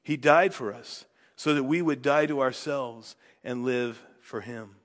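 A man preaching a sermon as pastor, earnest, building force on key words and dropping soft at phrase ends. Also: mid-range voice, measured pace, big-room sound.

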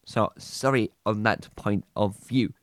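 A man's voice: fairly low pitch, fairly even intonation, slow, no echo, studio quality, pitched below the performer's own voice. A man voicing a cheeky, talkative male pet fish who fumbles his words. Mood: sheepish.

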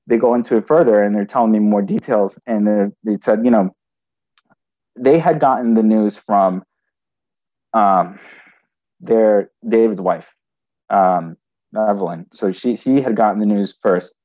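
A man's voice: fairly low pitch, mellow, dull audio. A man telling a personal story in conversation, restarting often and adding "right?" as he goes. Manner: halting, frequent restarts and "right?" tags.

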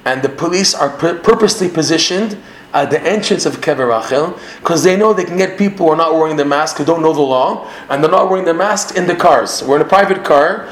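A man with a Canadian accent teaching a Torah class in an animated way, quoting Hebrew lines and then translating them. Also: fairly high pitch, a little fast, reverberant.

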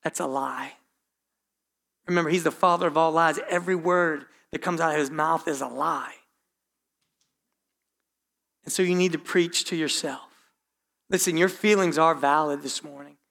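A man with a high, bright voice preaches a sermon in a church. He speaks straight to the congregation, full of asides, quick restarts and repeated phrases. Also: fairly even intonation, creaky. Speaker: pastor.

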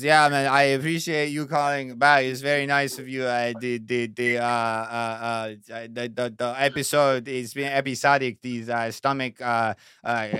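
A man's voice: medium pitch, bright, forceful tone, smooth, no echo, voice pushed down, lightly acted. A man putting on a vaguely French accent as a rambling, sick caller in a prank phone call, stammering through fillers. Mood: weary. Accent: put-on French. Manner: halting, full of stammers and fillers.

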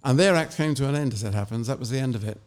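An author and interview guest, a man with an even, middle-pitched voice, reads one of his short stories aloud. Afterward, in a casual interview, he discusses his writing in a measured, anecdotal manner, restarting himself now and then.

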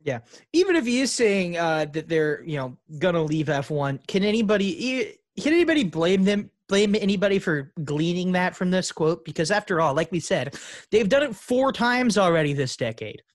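A man's voice: high-pitched, very animated, normal speed, no room sound, studio quality. A man co-hosting a casual podcast chat, laughing often and reading quotes aloud with rambling asides. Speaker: podcast co-host.

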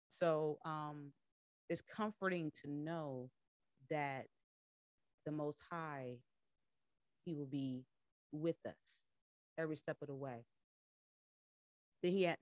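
A woman's voice: sits low, slow, pauses often, no room sound. A woman podcast host and coach giving a casual Bible teaching talk, conversational and laughing often as she acts out voices in her retelling.

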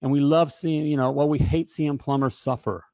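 A man coaching plumbers in a casual, joking sales pitch, often checking in with "all right?". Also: fairly even intonation, normal speed, mellow, no room sound, studio quality. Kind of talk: casual promotional pitch to camera.

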